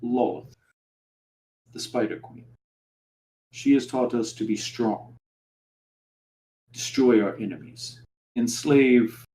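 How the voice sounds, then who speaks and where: Man putting on a drow noble, haughty, menacing, hushed and low. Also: slow, pauses often, close to an everyday voice, poor audio. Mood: contemptuous.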